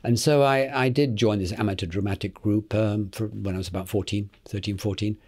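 A British actor around eighty, telling lively stories in an interview, chuckling and acting out the other people's voices. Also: male voice, fairly low pitch, a little fast. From Britain. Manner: lively raconteur, acts out the voices in his anecdotes, chuckling, repeats words. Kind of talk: anecdotal interview storytelling.

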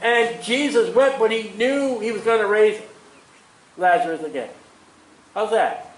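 A man preaching a sermon in an animated way, chuckling at his own asides. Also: high-pitched, measured pace, roomy sound, a little hiss or hum, rough recording.

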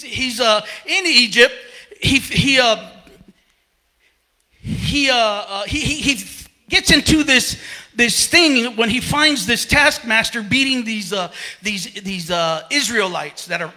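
A man's voice: very high-pitched, bright, forceful tone. A male pastor preaching a sermon, out of breath, often stumbling and repeating words as he retells a story. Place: church.

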